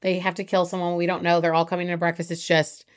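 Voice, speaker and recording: A young woman co-hosting a podcast, recapping a reality show in a casual chat and jumping up in pitch when she gets excited. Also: fast talker. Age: young adult. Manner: animated storytelling with big pitch jumps when excited. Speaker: podcast co-host.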